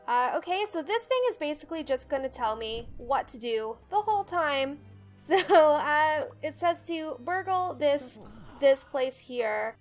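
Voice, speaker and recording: A woman's voice: sits high, lively intonation, a little slow, soft background music. A woman hosting a let's play, chatting casually as she explains the controls and reads the tutorial text aloud. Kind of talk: casual gameplay commentary.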